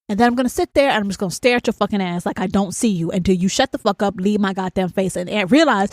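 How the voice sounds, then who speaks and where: A woman hosting her own podcast, ranting bluntly and provocatively with lots of profanity, often slowing down to stretch out words for emphasis. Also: medium pitch, animated, dry recording, clean studio sound. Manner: slows to drawn-out emphatic words. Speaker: podcast host. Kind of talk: profane solo rant.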